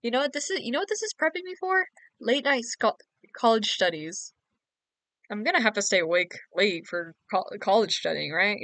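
A woman's voice: mid-range voice, expressive, normal speed, fairly bright tone, no room sound. A young woman chatting casually on a late-night game stream, giggly, teasing and sleepy. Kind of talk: casual live-stream chat.

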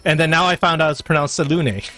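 A man's voice: fairly high pitch, level tone, fast, pushed and bright, faint music behind. A man narrating as game master at a tabletop game, chatty and rambling, with lots of fillers.

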